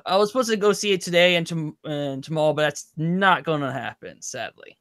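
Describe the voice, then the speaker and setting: A man with a fairly high voice rambles through his points, pausing on fillers and half-finished words. His voice comes through dry and close. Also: a bit bright, no room sound. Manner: rambling, hesitant, many fillers. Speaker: podcast co-host. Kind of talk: casual live-show banter.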